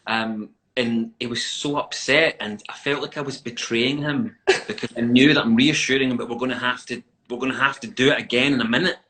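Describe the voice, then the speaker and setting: A man's voice: mid-range voice, steady tone, brisk, hardly any pauses, pushed and bright, rough recording. A man, chatting as an interviewed actor over a video call and telling stories with laughter and animation. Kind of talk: casual chat.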